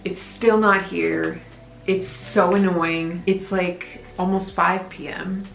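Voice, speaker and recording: A woman's voice: mid-range voice, a little slow, creaky, roomy sound, poor audio. A young woman in her twenties recording a casual book reaction vlog at home, chatty and emotional, often laughing between lines. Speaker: book vlogger. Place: home room. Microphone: camera at close range.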